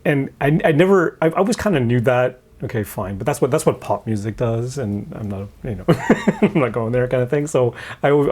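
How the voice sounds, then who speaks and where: A man's voice: mid-range voice, a little mellow. A man co-hosting a songwriting podcast, talking casually in a roundtable and often restarting and repeating words. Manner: halting, repeats words often, laughs lightly.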